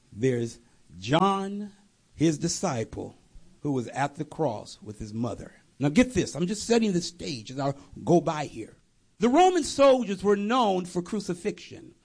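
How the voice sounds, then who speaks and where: High, gravelly male preacher. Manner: animated storytelling with voiced characters and chuckles. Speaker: pastor. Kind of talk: sermon.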